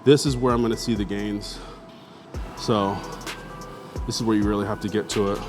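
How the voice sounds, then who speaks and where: A man's voice: fairly low pitch, fairly even intonation, moderate pace, darkish tone, soft background music. A man talking casually to the camera between heavy squat sets at the gym. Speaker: fitness vlogger. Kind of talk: casual gym vlog talk.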